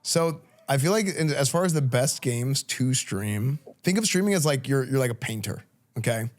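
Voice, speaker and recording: A man's voice: mid-range voice, lively intonation, normal speed. A young man from Texas, a streamer talking casually to a school class and answering questions in an informal, chatty way full of restarts. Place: classroom, indoors.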